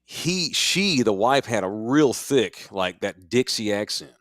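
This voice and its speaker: A man's voice: on the low side, big pitch swings, slow pace, a bit bright, dry recording. A middle-aged man from Texas co-hosting a casual podcast from a sports bar studio, telling loose, rambling stories. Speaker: podcast co-host.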